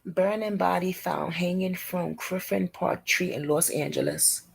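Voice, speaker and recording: In a fairly low, slightly rough voice with vocal fry and a measured pace, a woman, a livestream host and advocate, chats with viewers on a casual stream. She reacts to what she reads, animated and chatty, speaking right to her audience.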